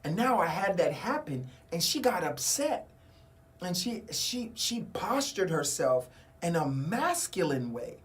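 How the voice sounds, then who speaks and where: A man's voice: sits high, very animated, measured pace. A man hosting a casual radio talk show, telling a story and acting out the dialogue. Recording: community radio studio.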